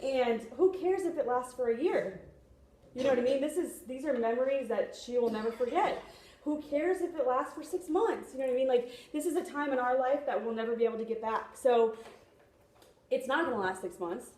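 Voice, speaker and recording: A young woman gives a chatty motivational talk to a room of sellers, her voice sitting a little high. She keeps checking in with her listeners as she goes. The room around her is echoey. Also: brisk, darkish tone. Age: young adult. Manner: chatty, often asks "you know what I mean?". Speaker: speaker at a sales training meeting. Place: meeting room.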